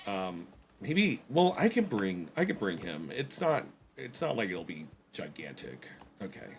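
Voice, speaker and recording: A low-pitched man with a breathy edge sounds very animated while talking a little slowly. Streaming a survival game, he keeps up relaxed, meandering commentary packed with self-deprecating humor and jokes directed at his chat.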